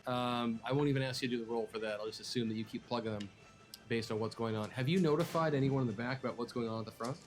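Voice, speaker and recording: A man acting as game master, talking in a relaxed, hesitant way with many ums. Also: mid-range voice, quick pace, soft background music. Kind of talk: running a tabletop game.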